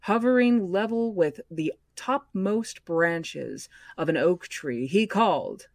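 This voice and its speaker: Podcast host lady reading a book out loud, slow and low, dry sound. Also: no echo. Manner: measured, expressive storytelling. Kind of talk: reading a novel aloud.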